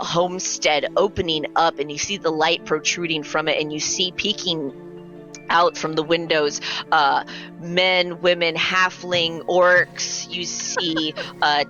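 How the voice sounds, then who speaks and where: A woman game master narrates a tabletop battle at an unhurried pace, with a bright, forceful tone. She laughs often between lines. Soft music plays behind her. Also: on the low side, lo-fi sound.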